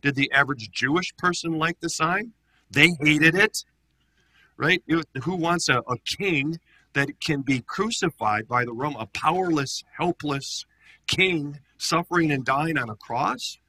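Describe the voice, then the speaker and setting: A gravelly man teaches scripture to a group in an animated, conversational way, often asking rhetorical questions. His voice is bright and husky, recorded dry and close. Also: on the high side, measured pace, no room sound. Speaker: pastor leading a Bible study.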